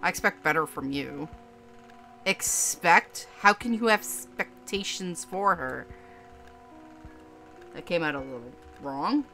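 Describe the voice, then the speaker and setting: A woman's voice: low voice, animated, slow pace, vocal fry, pauses often, pushed and bright, soft background music, full character voice. A woman reading the lines of a preachy, condescending male student who lectures and scolds in a game. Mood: scolding.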